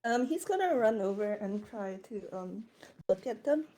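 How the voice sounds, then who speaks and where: A woman playing a tabletop game, quickly describing her character's actions. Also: mid-range voice, expressive, mellow, a little hiss or hum. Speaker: player. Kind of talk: casual tabletop play.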